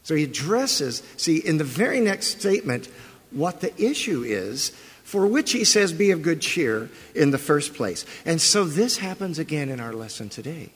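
A man's voice: fairly high pitch, very animated, moderate pace, a bit bright, breathy edge. A male pastor preaching a sermon, telling the story with animation and putting questions to the congregation. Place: church sanctuary. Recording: long reverb of a large church hall.

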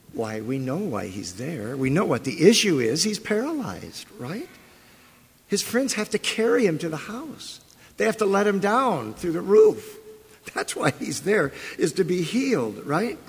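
A pastor's slightly high, breathy voice fills a church sanctuary, the big hall adding long reverb. He tells the sermon's story animatedly and poses questions to the people listening.

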